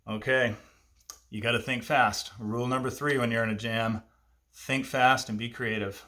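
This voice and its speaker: A man in his fifties telling a personal childhood story, lively and self-amused, with asides to the listener. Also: medium pitch, moderate pace. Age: 50s.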